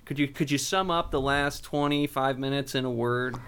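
Enthusiastic bright-voiced male host. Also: mid-range voice, steady tone, normal speed, slight background noise. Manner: enthusiastic, stumbling restarts. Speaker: podcast host. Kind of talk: casual comedy chat.

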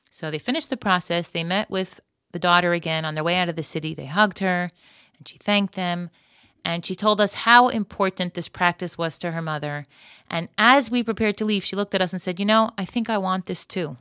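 Bright, crisp-voiced woman podcast host. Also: fairly low pitch, dry recording, studio quality. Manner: earnest, emotional retelling with Hebrew and Yiddish words. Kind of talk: storytelling podcast monologue.

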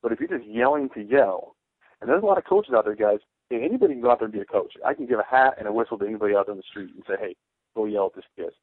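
Emphatic ex-player on sports radio, tinny. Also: male voice, lowish voice, expressive, very fast, no room sound. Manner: emphatic storytelling, repeats phrases. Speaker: radio co-host, former pro football player. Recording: tinny phone-like radio broadcast, dry.

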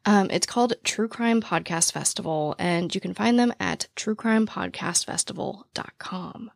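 A woman hosting a podcast after-show in casual chat, with a naturally raspy voice, talking very fast and out of breath. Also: medium pitch, no echo, clean studio sound. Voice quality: naturally raspy voice with vocal fry. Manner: talks very fast, excited and rambling. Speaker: podcast host. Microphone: studio microphone, standing.

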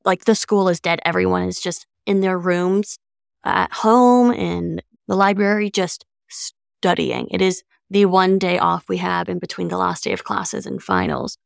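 A woman's voice: on the low side, unhurried, gravelly, no room sound, clean studio sound. A young woman in her twenties co-hosting a podcast, chatting casually in a sarcastic, self-mocking way. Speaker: podcast co-host.

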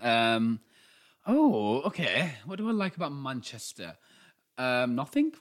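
A man's voice: mid-range voice, big pitch swings, slow pace. A man in his twenties with a Yorkshire accent, co-hosting a casual podcast chat in a camp, sassy way with plenty of swearing. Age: 20s. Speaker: podcast co-host.

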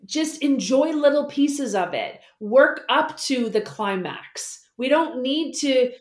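Animated woman in an echoey room. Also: high voice, takes it slowly. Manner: animated, acts out quoted voices. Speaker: guest, money mentor. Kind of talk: casual interview chat.

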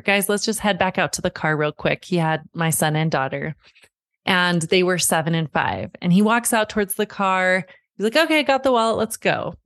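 A woman's voice: lowish voice, no room sound, studio quality. A woman in her thirties, a parenting coach hosting a podcast, telling a family story and giving earnest advice.

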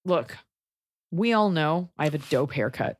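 A woman's voice: low-pitched, animated, measured pace. A woman hosting a podcast in casual chat, blunt and profane when she rants. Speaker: podcast host.

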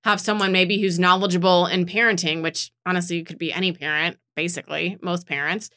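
A woman co-hosting a parenting podcast, chatting casually and quickly, with frequent agreement noises. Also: on the low side, steady tone, fairly bright tone. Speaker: podcast co-host, mom. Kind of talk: casual chat.

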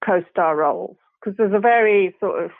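A woman, an actress appearing as a guest on an interview show, tells casual anecdotes full of easy laughter and British slang. Her medium-pitched voice has some vocal fry and moves at a moderate pace. It comes through a tinny, phone-like line that is completely dry, with no echo or room sound.

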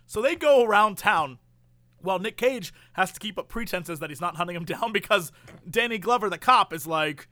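A man's voice: high-pitched, moderate pace, dry recording. A man in casual chat, animatedly retelling a movie plot and acting out the characters' lines. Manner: animated storyteller, acts out quotes.

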